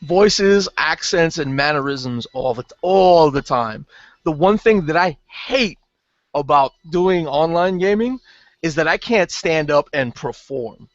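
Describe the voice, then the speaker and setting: A man talking casually about running tabletop games, speaking in quick animated bursts on a video call. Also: on the high side, no echo. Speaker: game master panelist. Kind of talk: casual hangout chat. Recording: dull lo-fi video call audio.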